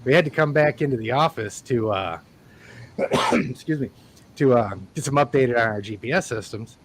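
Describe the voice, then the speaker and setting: A man's voice: medium pitch, moderate pace, noisy background. A man in casual live-stream chat, rambling and laughing as he tells stories from work. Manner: relaxed, rambling, laughs often. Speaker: reptile keeper and guest.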